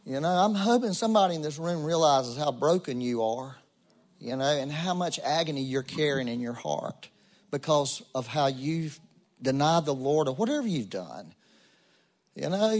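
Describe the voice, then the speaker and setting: A man's voice: on the high side, animated, normal speed. Man preaching a conversational sermon. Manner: conversational storytelling, rising to emphatic. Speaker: pastor. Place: church room with congregation.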